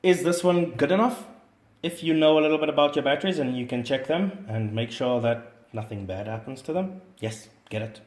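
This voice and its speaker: A man hosting a hobby review vlog, his mid-pitched voice bouncing around an echoey room. He talks earnestly and repeats himself when he warns viewers about something. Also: brisk. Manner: earnest, repeats words when stressing warnings. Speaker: hobby channel host reviewing a drone charger. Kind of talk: casual product review vlog.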